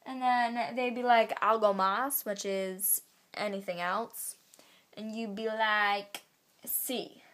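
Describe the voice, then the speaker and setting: A teenage girl vlogging at home into her camera's built-in mic, chatty and full of fillers, drawing her phrases out slowly. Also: mid-range voice, fairly even intonation, a bit bright. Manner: chatty, filler-heavy, drawn-out slow phrasing. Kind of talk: casual vlog, teaching basic Spanish phrases. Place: home, indoors.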